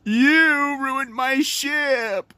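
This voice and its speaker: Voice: sits high, extremely slow, pushed and bright, dry recording, pitched above the performer's own voice, heavily acted. A fan performer doing a mocking impression of a whiny, bossy ghost pirate captain in a homemade cartoon. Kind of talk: fan-made cartoon voice acting.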